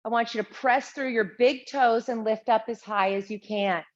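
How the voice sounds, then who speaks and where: A woman teaching a chair exercise class, calmly and steadily cueing each breath and movement. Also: a little high, moderate pace. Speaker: Pilates instructor. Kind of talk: guided exercise class instruction. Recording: slightly dull lo-fi sound.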